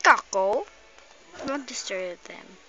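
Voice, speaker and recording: A woman's voice: mid-range voice, lively intonation, slow pace, pushed and bright, soft background music. A woman filming her cat and kittens at home on a phone, talking to them in a playful, cooing voice. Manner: cooing, playful baby talk to animals. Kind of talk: casual home video, talking to pets. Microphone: phone camera. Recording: dull lo-fi phone recording.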